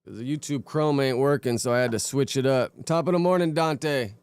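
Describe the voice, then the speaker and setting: A man's voice: medium pitch, a little fast, a little mellow, clear, resonant tone, no room sound. A young man chatting casually on a live stream, rambling laid-back and greeting viewers by name. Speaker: streamer reacting to videos and chat.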